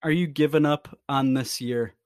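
A man's voice: medium pitch, steady tone, moderate pace, darkish tone, no echo, studio quality. Wry man teasing his co-host. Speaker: podcast co-host. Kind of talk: casual sports chat.

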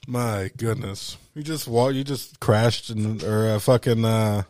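A man's voice: fairly low pitch, fairly even intonation, a little slow, darkish tone, no room sound. A man chatting casually on a podcast, laid-back and swearing freely.

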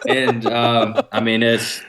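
A man's voice: mid-range voice, flat delivery, slow, fairly bright tone. A young man, a podcast guest, telling a long, rambling hunting story in casual talk, often laughing.

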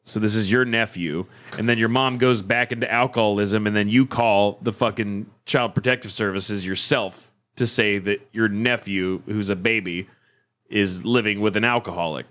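A man's voice: on the low side, steady tone, normal speed, fairly bright tone. A man co-hosting a comedy podcast, reading online stories aloud and breaking in with laughing asides. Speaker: podcast co-host.

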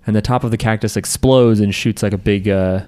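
A man's voice: lowish voice, fairly even intonation, fairly quick, darkish tone, clear, resonant tone. A man co-hosting a podcast, chatting casually and jokingly while recapping an anime, acting out characters' lines. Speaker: podcast co-host.

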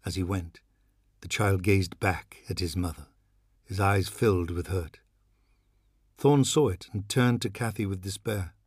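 A man narrates a novel in a measured, dramatic way. His voice sits low with a husky edge, recorded dry and close. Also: a little mellow, no room sound. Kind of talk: audiobook reading.

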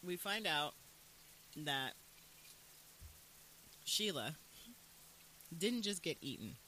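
A co-host in a casual chat, bright and sharp in tone, with pitch that swings a lot. Retells scenes in a lively way, dropping into quick quoted lines. Faint hiss runs underneath. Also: rough recording. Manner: lively retelling, quoting scenes in little voices. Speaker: podcast co-host.

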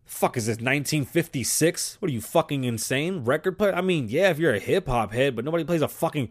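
A man hosts a solo podcast, ranting hard with a steady stream of profanity. He switches between English and Spanish mid-thought. His voice sits fairly high for a man. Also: fairly quick, hardly any pauses. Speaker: podcast host.

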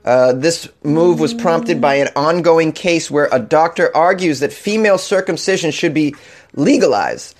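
A man's voice: a little high, expressive, moderate pace. A man hosting a casual comedic news show, reading odd stories and ranting irreverently with frequent laughter. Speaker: news podcast host.

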